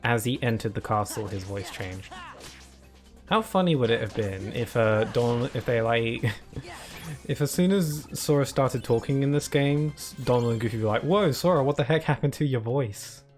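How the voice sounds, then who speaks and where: A man's voice: medium pitch, animated, moderate pace, faint music behind. A young man casually commenting while he plays a game, rambling and often restarting his sentences. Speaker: streamer.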